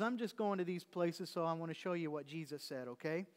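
A man's voice: fairly high pitch, fairly quick, long reverb tail. A man preaching a sermon to his congregation, conversational and teasing, quizzing them with questions. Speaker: pastor. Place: church sanctuary.

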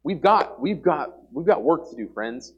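A young lay preacher delivers an informal sermon to a church congregation, earnest and emphatic, repeating himself often and leaning on "like" as a filler. His voice is fairly high with lively intonation, normal speed, and a breathy edge, and the highs are cut off.

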